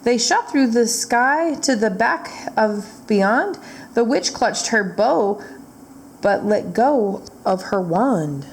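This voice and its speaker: A woman's voice: fairly high pitch, lively intonation, a little hiss or hum. A woman reading a rhyming picture book aloud at a library storytime. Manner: slow, rhythmic rhyming read-aloud.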